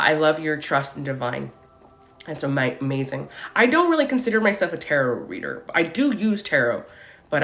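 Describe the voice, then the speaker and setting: A woman in her forties hosting a casual spiritual live stream. She chats excitedly, tells stories and greets viewers as she goes. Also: sits low. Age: 40s. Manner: chatty, greets and thanks viewers as she talks.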